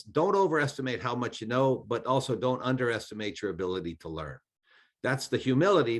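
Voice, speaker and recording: A man, a former congressman, speaking in an online training talk, giving earnest advice with frequent restarts. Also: mid-range voice.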